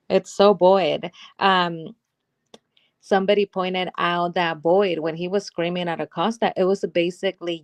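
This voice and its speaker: Gushing low-voiced woman co-host. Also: fairly even intonation, measured pace, no room sound. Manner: gushing, heavy use of "like". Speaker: podcast co-host. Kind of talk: casual livestream chat.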